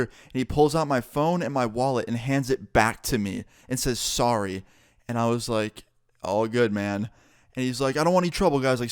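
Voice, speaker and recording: A young man in a casual storytime vlog, talking in an animated, profane, laid-back way. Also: medium pitch, clean tone, no echo, studio quality. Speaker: vlogger.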